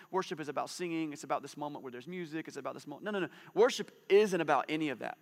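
A man in his forties preaching a conversational sermon, lively and animated, sometimes dropping to a soft, hushed voice. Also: on the high side, racing, hardly any pauses. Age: 40s. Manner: conversational, animated, drops to a soft hush for intimate moments. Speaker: pastor. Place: church.

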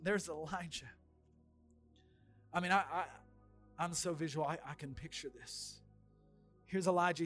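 A man preaching a sermon as pastor, swinging between fervent shouted declarations and quiet storytelling. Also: a little high.

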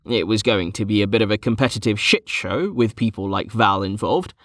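A man reading a fantasy audiobook in steady, even scripted narration. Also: on the low side, a little fast, no room sound, studio quality.

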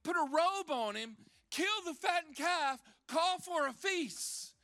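A rejoicing father calling for a feast, as a preacher puts him on, his voice high and ringing. He proclaims each word with emphasis, bright and forceful. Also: lively intonation, slow pace, no echo, clean studio sound, heavily acted. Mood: jubilant. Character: joyful father welcoming his lost son.

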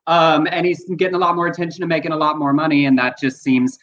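High voiced guy cohosting a news chat, earnest, bright tone. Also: little pitch movement, fast. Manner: earnest, explains at length. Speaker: podcast co-host. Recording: dull lo-fi sound.

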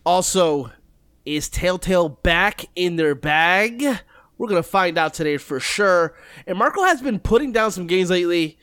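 A man's voice: sits high, animated, measured pace, fairly bright tone, smooth, no room sound, studio quality. A young man co-hosting a video game podcast, joking and rambling in casual chat about games and family life. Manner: joking, rambling, self-mocking. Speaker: podcast co-host.

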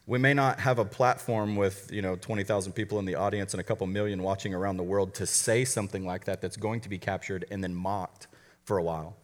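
A man's voice: sits low, fairly even intonation, quick pace. A man preaching a sermon as a college pastor to a live church audience, talking conversationally with frequent restarts and joking asides. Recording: long hall reverb.

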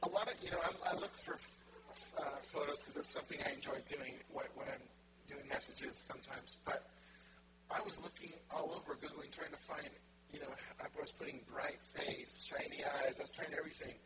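A man preaching in a loose, conversational way, slipping into quoted voices to act out his points. His voice sits a little high. A strong wash of noise runs under the recording. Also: steady tone, fairly quick. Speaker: pastor. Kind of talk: sermon. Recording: loud background noise.

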